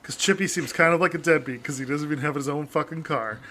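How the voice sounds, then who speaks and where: Bright, crude-joking male co-host. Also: a little high, fast talker, a little hiss or hum. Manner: profane, joking banter. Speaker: podcast co-host. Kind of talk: casual podcast chat.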